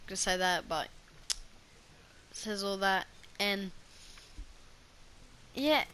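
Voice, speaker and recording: A woman's voice: mid-range voice, animated, drawn-out words, pushed and bright, slight background noise. A woman vlogger telling a personal story in a casual, rambling way, full of restarts and fillers.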